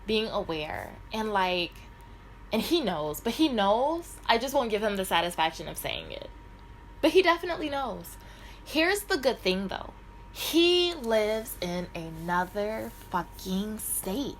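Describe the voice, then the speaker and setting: A woman's voice: mid-range voice, big pitch swings, a little slow, a little hiss or hum, poor audio. A middle-aged woman telling a rambling, profanity-heavy personal story in a casual vlog. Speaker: vlogger.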